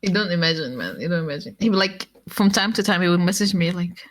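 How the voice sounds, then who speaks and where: Animated woman retelling a story. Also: fast, hardly any pauses. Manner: animated, acts out quotes in raised pitch, laughs often, swears. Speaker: former e-pal guest. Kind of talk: casual storytelling chat.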